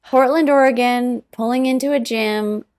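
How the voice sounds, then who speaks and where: A woman's voice: fairly high pitch, fairly even intonation, moderate pace, darkish tone. A woman guest on a podcast, telling a story bluntly with swearing and dry asides. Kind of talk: casual chat.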